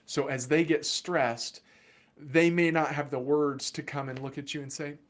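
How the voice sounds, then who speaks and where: A man, a children's mental health therapist, giving casual educational talk to camera in an animated, joking way with sudden loud asides. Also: on the high side, unhurried.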